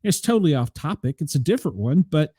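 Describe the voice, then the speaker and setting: A man hosts a live radio podcast in a loose, rambling way and laughs easily. His pitch swings about a lot and his tone is dark and mellow. The sound is dry and close. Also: big pitch swings, fast talker, slightly rough, dry recording. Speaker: podcast host. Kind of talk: casual live radio chat.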